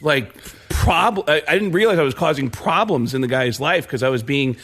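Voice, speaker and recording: A man, a comedian guest, telling an animated story on a radio show and slipping into celebrity impressions. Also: fairly high pitch, normal speed. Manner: animated, lively, laughing often.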